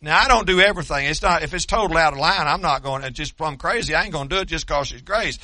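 An older man preaching a sermon as a pastor, folksy and joking, rising to fervor, and strained from yelling until he is losing his voice. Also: on the high side, quick pace, no room sound.

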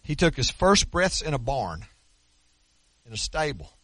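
A man preaching a sermon as pastor, emphatic and folksy, slowing down to stress scripture. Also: medium pitch, very animated, a bit bright, no room sound. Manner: folksy, with colloquial asides and repeated words.

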